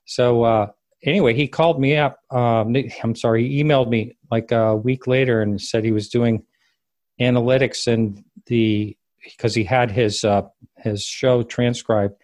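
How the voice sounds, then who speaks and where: A man recounting a personal story as an interview guest, rambling and halting and often correcting himself. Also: mid-range voice, fairly even intonation, darkish tone, no echo. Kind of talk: casual spoken recollection.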